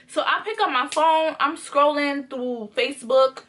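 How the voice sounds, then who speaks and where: Young woman vlogger with a high, sharp voice, dramatically re-enacting a story with blunt slang. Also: measured pace. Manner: dramatic and emphatic, re-enacting scenes; swears freely in slangy talk. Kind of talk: casual storytime vlog.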